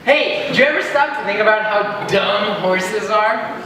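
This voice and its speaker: A young man doing a stand-up comedy set, deadpan and chuckling at his own jokes. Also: sits high, unhurried, crowd noise. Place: open-mic stage in a hall. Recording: echoey hall recorded from far off.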